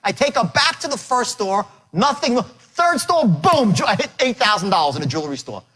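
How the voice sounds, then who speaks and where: A man lectures a live audience on selling and tells his stories with boastful swagger. His voice sits high and swoops all over the place. He punches out short, emphatic phrases. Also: very animated, moderate pace, a bit bright, slightly rough, low-quality recording. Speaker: sales trainer giving a lecture.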